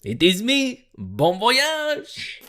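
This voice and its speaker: A man's voice: very high voice, wildly swooping pitch, drawn-out words, a bit bright, pitched above the performer's own voice, exaggerated voice. A man with an Australian accent voicing a pompous French man in an exaggerated mock French accent. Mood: grandiose.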